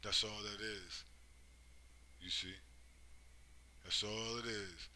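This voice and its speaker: A man's voice: fairly low pitch, slow pace, long pauses, sharp tone, low-quality recording. A man giving a rambling, profane monologue, driving his points home with constant tag questions. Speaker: commentator. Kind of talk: casual monologue.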